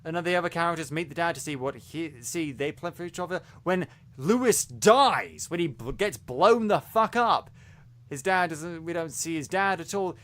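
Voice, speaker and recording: A man's voice: on the high side, animated, normal speed, a bit bright. A man co-hosting a podcast, reviewing a series in casual chat, talking animatedly with many restarts and stumbles. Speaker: podcast co-host.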